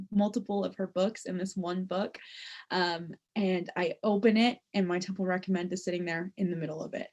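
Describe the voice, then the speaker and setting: A young adult woman presents a personal story to her class. She talks in a loose, conversational way and leans on "like" and "um" as she goes. Her voice sits at an ordinary middle pitch. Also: darkish tone, highs cut off. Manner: conversational, with frequent "like" and "um" fillers. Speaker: student presenter.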